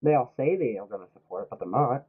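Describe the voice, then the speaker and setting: While streaming a game and feeling sick, a young man launches into a profane political rant, heated and full of swearing and mocking imitations of others. He talks quickly in an expressive, slightly rough mid-range voice, captured in tinny, phone-like lo-fi sound.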